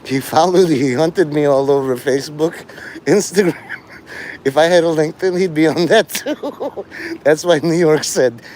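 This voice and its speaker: A man's voice: fairly high pitch, measured pace, darkish tone, a little hiss or hum. A man streaming live, rambling through jokes and stories, laughing often and swearing freely.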